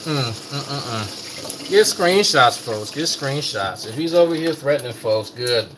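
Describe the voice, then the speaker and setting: A man rants in a casual, profane, mocking way. His pitch swings widely as he talks. Faint night insects and ambience sit behind him at home. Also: animated, unhurried, noisy background. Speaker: commentary host. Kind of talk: casual ranting commentary.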